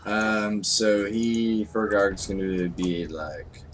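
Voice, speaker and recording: A man's voice: lowish voice, slow pace, pauses often, fairly bright tone, a little hiss or hum. A laid-back man playing a tabletop game over an online voice call, giving short replies. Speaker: player.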